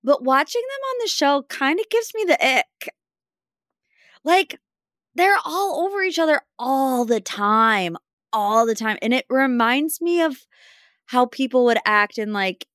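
A young woman hosting a casual celebrity gossip rundown, chatty and sarcastic with animated asides. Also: sits high, no echo, studio quality.

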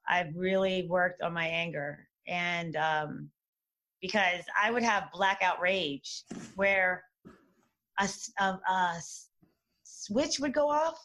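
A woman talking candidly in a casual conversation, animated, with many restarts and fillers. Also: mid-range voice.

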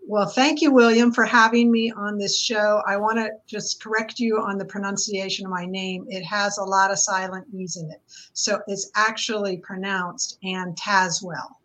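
An older woman in her seventies, an author guest in an interview, recounting her life in an earnest, steady way with a few restarts. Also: medium pitch, moderate pace, poor audio. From United States.

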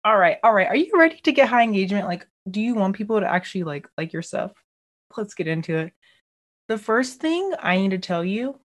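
A bubbly woman hosts her own solo podcast in an easygoing, chatty way, sprinkling in "like" and "y'all." Her voice sits at a middle pitch. She records from a laundry room at home. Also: lively intonation, moderate pace. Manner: bubbly, chatty, often says "like" and "y'all", laughs easily. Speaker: podcast host. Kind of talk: casual solo podcast chat.

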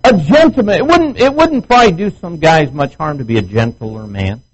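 A man's voice: a little high, expressive, moderate pace, husky, dull audio. A middle-aged male pastor preaching a sermon at a marriage retreat, acting out quoted voices as he goes. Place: marriage retreat meeting room.

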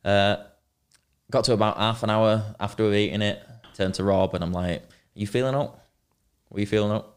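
Low-voiced young man. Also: fairly even intonation, a little fast, clean tone. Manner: rambling, swearing, banter. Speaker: podcast co-host. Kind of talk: casual chat, storytelling.

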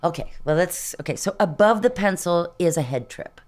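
A middle-aged woman from Texas, a vocal coach chatting in an interview, animated and quick to demonstrate voices and laugh. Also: fairly low pitch. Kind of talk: casual interview chat.

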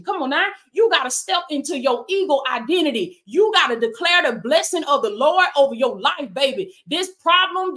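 A woman with a high-pitched voice preaches with rising fervor in a Black church cadence. She drives each point home with repeated calls of "come on now" and "baby," speaking straight to her livestream audience. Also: fairly bright tone. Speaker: life coach and preacher.

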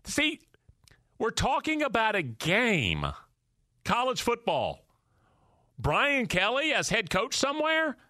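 A man's voice: very high-pitched, wildly swooping pitch, takes it slowly, pauses often, sharp tone, dry recording, studio quality. A man hosting a sports talk show, ranting emphatically and repeating his points. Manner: emphatic, preachy repetition. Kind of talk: animated opinion rant.

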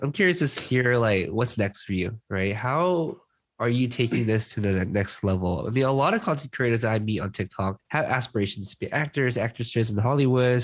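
A man interviewing a guest, affirming and asking casual questions with frequent tags. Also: mid-range voice. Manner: affirming, asks with tag questions.

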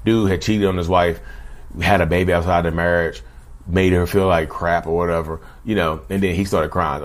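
A man's voice: deep voice, fairly even intonation, moderate pace. A man talking casually to his viewers, often calling them "y'all", in a direct-to-camera video monologue. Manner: conversational, keeps addressing viewers as "y'all". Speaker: vlogger talking about narcissism.

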